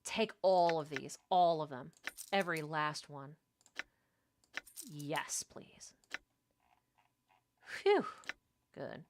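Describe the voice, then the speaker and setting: A woman's voice: deep voice, takes it slowly, pauses often, background noise. A woman casually commentating her own video game playthrough, muttering and swearing lightly as she plays. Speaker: gaming channel host. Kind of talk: let's play commentary. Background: game music.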